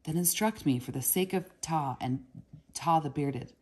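A woman's voice: low voice, a little slow, slightly rough. A woman reading as a chatty young apprentice boy. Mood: friendly. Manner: friendly, joking, eager questions. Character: cheerful chatty boy apprentice, proverb-loving.

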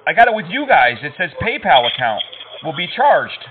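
A man's voice: on the high side, very animated, moderate pace, background noise. A man making prank phone calls, mocking and taunting with put-on innocence. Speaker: prank caller. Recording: phone line audio.

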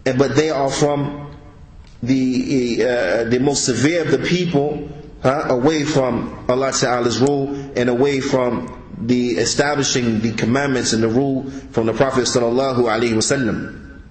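A man's voice: medium pitch, fairly even intonation, normal speed. Emphatic male teacher in an echoey room. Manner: emphatic, rhetorical questions and repeated "huh?". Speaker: Islamic teacher. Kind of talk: religious class lecture explaining an Arabic text.

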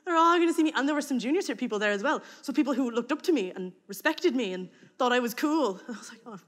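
Irish woman, comic storyteller, animated, acts out voices, slightly high voice, reverberant hall. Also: quick pace. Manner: lively, acts out voices, breaks into laughter. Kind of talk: comic personal storytelling to an audience.

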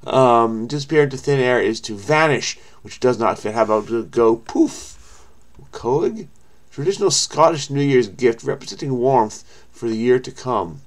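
A man's voice: mid-range voice, animated, normal speed. A man hosting a crossword video, thinking aloud in a frenetic way and often muttering or trailing off as he works through the clues. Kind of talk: thinking aloud while solving a puzzle.

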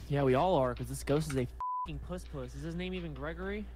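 Blunt man with a lively voice. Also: fairly high pitch, brisk, background noise. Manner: blunt, swears, shouts calls at the game. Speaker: co-player. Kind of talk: playing a game with friends.

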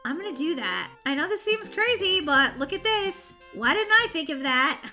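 A woman chatting casually over gameplay, bubbly, excitable and easily exasperated. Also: extremely high pitch, moderate pace, soft background music. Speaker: gaming channel host.

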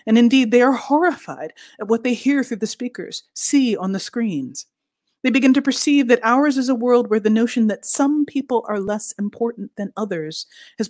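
A woman reading her fiction aloud in a deliberate, expressive way, sinking to soft near-whispers for emphasis. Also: mid-range voice, no echo, clean studio sound. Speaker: author reading at a literary event.

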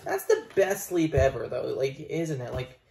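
Tired, foul-mouthed young Canadian vlogger, animated delivery, roomy echo. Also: male voice, on the high side, a little slow, gravelly. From Ontario, Canada. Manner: profane, rambling, swings between outbursts and mumbling. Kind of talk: casual rambling vlog. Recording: echoey room.

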